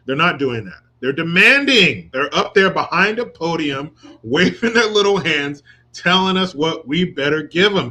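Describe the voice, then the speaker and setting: A man's voice: a little high, lively intonation, a little slow, pushed and bright. A man hosting a political commentary livestream, crude, sarcastic and mocking, reading viewer comments. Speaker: host reading live chat.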